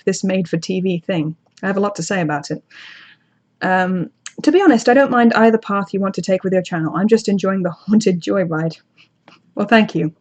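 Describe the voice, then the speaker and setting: A young woman from outside the United States hosts a casual livestream, reading and answering the live chat. Her mid-range voice has a darkish tone, and she's chatty and self-deprecating, often restarting her sentences.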